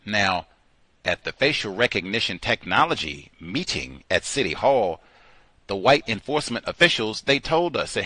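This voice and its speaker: A male host giving an animated, mocking commentary monologue, slipping into put-on voices. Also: fairly low pitch, normal speed, no echo.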